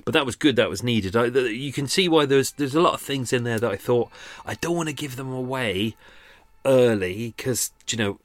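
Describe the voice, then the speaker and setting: A man's voice: mid-range voice, normal speed, no room sound. A man hosting a true crime podcast, rambling casually with many fillers and restarts, a little out of breath. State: slightly out of breath. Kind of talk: casual unscripted narration.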